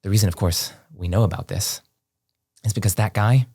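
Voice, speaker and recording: A man with a very low voice recounts a story as a podcast guest, speaking casually and animatedly. He peppers his talk with "like" and "um." The sound is dry and close, with no room echo. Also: a little fast, breathy edge. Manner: animated, heavy on fillers like "like" and "um".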